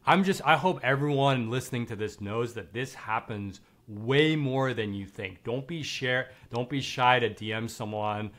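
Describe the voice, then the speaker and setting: A man's voice: mid-range voice, moderate pace, hardly any pauses, a bit bright. A man hosting a podcast, chatting casually with lots of fillers and bursts of enthusiasm. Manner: enthusiastic, loose, swears casually, many "like" fillers. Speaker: podcast host.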